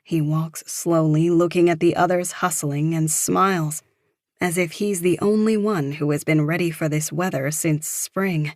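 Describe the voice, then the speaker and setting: A woman narrating a psychological thriller audiobook in a steady, measured storytelling voice. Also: sits low, dry recording, clean studio sound.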